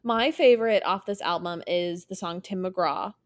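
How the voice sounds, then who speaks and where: A woman's voice: on the low side, moderate pace. A young adult woman co-hosting a casual podcast chat, chatty and playful, laughing often. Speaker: podcast co-host.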